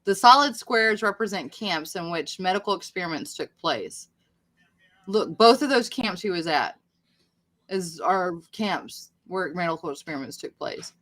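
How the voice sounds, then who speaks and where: Woman co-host, lowish voice, chatty live-stream banter over a video call. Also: animated, a little slow, fairly bright tone. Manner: chatty, reacts with laughs and exclamations. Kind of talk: casual live-stream chat, reading aloud.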